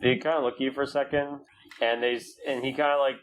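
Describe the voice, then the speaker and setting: A man's voice: mid-range voice, flat delivery, fast talker, low-quality recording. A man narrating as game master, loose and hesitant with many fillers.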